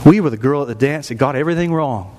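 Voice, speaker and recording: A man's voice: mid-range voice, expressive, fast talker, darkish tone, slight background noise. A man in his thirties preaching a sermon in a church, reading scripture aloud and rising into emphatic bursts. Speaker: pastor. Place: church sanctuary.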